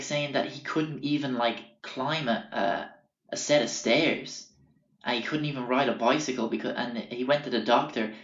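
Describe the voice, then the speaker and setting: A man's voice: medium pitch, a bit bright. Young guy, rambling swear-heavy anecdotes; echoey room, dull sound. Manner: rambling, swears constantly, loses track of names. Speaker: storyteller. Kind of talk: casual profane anecdote.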